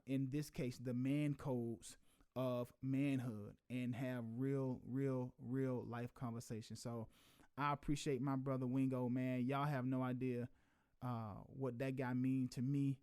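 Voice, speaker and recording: A man's voice: medium pitch, a little mellow. A man hosting a casual chat, earnest and heartfelt, filling his speech with "man.". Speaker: host.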